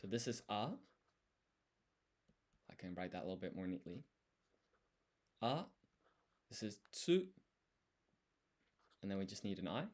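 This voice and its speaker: A man's voice: low voice, big pitch swings, measured pace, pauses often, a little mellow. A man streaming his language study, talking himself through each step as he writes. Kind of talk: thinking aloud while writing.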